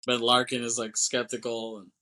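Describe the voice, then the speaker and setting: Bright-voiced man rambling through a movie recap. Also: medium pitch, completely flat delivery, normal speed. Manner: rambling, laughs often, acts out quoted lines. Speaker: podcast co-host.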